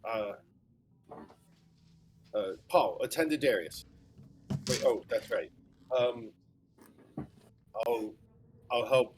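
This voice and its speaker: Slow-talking man at a game table. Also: mid-range voice, a little hiss or hum. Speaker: player. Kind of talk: casual chat at a tabletop game.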